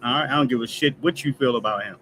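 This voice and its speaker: Talking fast in a sharp-toned, mid-range voice, this male news stream host delivers a casual commentary rant that's heated and profane. He keeps repeating "all right?" as an emphatic tag, over poor audio with slight background noise.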